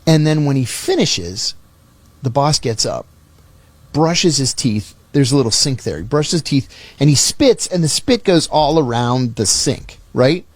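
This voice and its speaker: A man's voice: mid-range voice, lively intonation, measured pace, no room sound. A man telling a personal story on a podcast in a conversational, self-deprecating way, acting out the dialogue.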